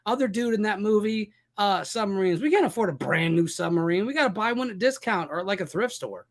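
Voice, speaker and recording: A man co-hosting a podcast in casual chat, joking and excitable, often cutting in. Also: high voice, brisk, hardly any pauses. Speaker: podcast co-host.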